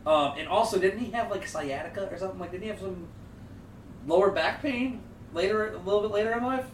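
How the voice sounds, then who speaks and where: A man's voice: high-pitched, a little fast. A man co-hosting a podcast, trading teasing banter with his co-host and laughing easily. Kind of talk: casual banter. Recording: echoey room, distant mic, faint hiss.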